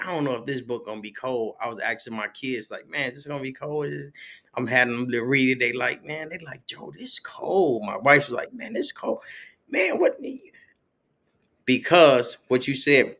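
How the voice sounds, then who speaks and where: A man's voice: medium pitch, a little fast, pushed and bright. A man talking casually as a podcast guest, telling stories with plenty of slang and acting out the voices he quotes. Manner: storytelling, acts out quoted voices, loose slang. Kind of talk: casual conversation.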